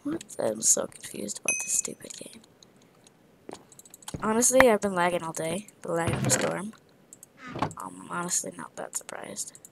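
A woman's voice: on the low side, normal speed, gravelly, long pauses, background noise. A tired woman giving casual commentary on her own gameplay, rambling and tossing out playful trash talk with muttered asides.

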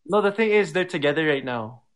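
A young man, a host playfully coaching a prank in quick asides. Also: on the high side, animated. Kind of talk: casual prank planning.

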